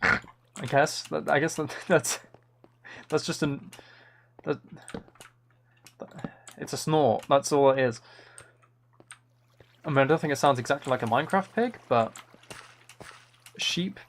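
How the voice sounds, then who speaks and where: A man's voice: mid-range voice, measured pace, vocal fry, pauses often, fairly bright tone, a little hiss or hum. A man chatting casually and hesitantly on a live game stream, amused as he talks.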